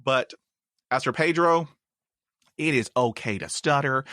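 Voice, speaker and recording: A man hosting a podcast interview in a casual chat. He stutters and repeats words, and he breaks into sudden high, excited whoops. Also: a little slow, dry recording, studio quality. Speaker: podcast host. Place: in Texas.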